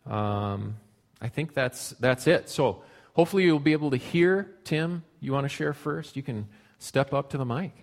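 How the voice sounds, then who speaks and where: Man, church group leader, informal, fillers, mid pitch. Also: normal speed. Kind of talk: casual group facilitation.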